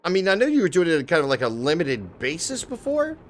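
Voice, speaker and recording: A man chatting casually on a live stream, excitable and swearing, shouting out viewers in chat. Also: on the high side, quick pace, slight background noise. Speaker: livestreamer.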